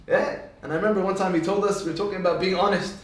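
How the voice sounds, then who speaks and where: High-voiced man telling jokey stories. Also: steady tone, very fast. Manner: jokey storyteller acting out dialogue. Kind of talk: storytelling Torah talk. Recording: echoey room, voice from far off.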